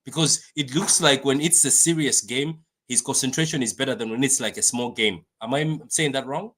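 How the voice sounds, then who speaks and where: A man hosts a casual live-stream reaction chat, keen and repetitive, often reading comments out to his viewers. His voice is bright and forward at a middling pitch. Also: fairly quick. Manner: excitable, repetitive, reads viewer comments aloud. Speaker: fan channel host.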